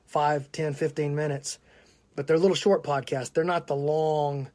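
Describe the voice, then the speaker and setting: A man's voice: fairly high pitch, level tone, unhurried. Chatty Southern man hosting a live stream. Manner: chatty, shouting out viewers, laughing often. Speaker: podcast host. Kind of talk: casual live-stream chat.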